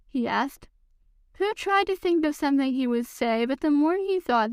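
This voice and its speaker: Woman narrator, high, clear voice, expressive read-aloud, close and dry. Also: normal speed, no echo. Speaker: podcast host reading aloud.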